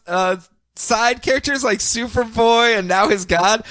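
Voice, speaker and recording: A man hosting a podcast, animated and laughing as he recaps and acts out comic scenes. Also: extremely high pitch, a little slow, no echo. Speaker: podcast host. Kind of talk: casual chat recapping comics.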